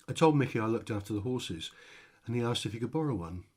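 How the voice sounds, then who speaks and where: A man's voice: lowish voice, fairly quick, a little mellow, breathy edge. A man reading his own short comic story aloud, with a dry, wry delivery. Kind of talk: storytelling narration.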